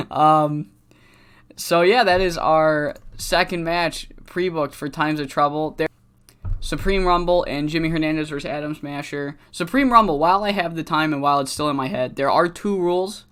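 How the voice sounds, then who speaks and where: A host giving casual, excitable commentary on a wrestling management game, swearing freely and laughing often. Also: mid-range voice, moderate pace, smooth. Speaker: gaming video host.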